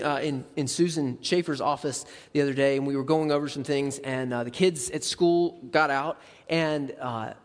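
A man preaching a sermon as a pastor, conversational and animated, acting out quick asides. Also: on the high side, long reverb tail.

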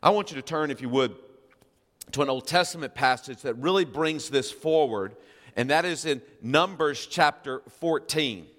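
A man's voice: fairly high pitch, animated, normal speed, a bit bright, in a large hall. A male pastor preaching a sermon, reading scripture and asking the congregation questions with emphasis.

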